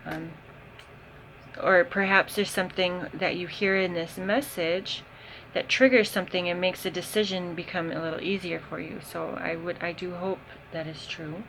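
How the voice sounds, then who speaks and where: A woman giving a casual tarot reading, unhurried and thinking aloud with frequent pauses and ums. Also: on the low side, fairly even intonation, gravelly, a bit bright, a little hiss or hum, poor audio. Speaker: tarot reader.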